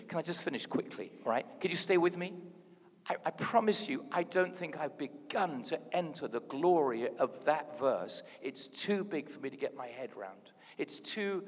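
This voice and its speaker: A man preaching a sermon in a lively, playful way, dropping to a hush and then rising loud. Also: mid-range voice, normal speed. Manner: animated, playful, swings from hushed to loud. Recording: hall reverb.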